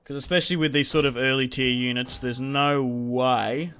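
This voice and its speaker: A young man talks through a strategy game in a loose, chatty way, muttering commands at his units as he goes. His voice sits at an ordinary middle pitch, and faint keyboard clicks tick away behind him. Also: steady tone, normal speed, fairly bright tone, slight background noise. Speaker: gaming video creator. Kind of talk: casual gameplay commentary.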